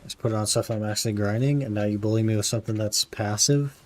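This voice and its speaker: A man's voice: on the low side, steady tone, fast, darkish tone. Laid-back young male game streamer. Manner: laid-back, says "man" often, answers chat. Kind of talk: casual live-stream chat while gaming.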